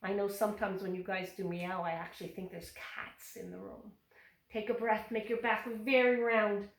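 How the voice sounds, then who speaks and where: A woman's voice: medium pitch, steady tone, moderate pace, gravelly. A woman teaching a cheerful yoga class for young children, giving encouraging step-by-step instructions. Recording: echoey room, voice from a distance.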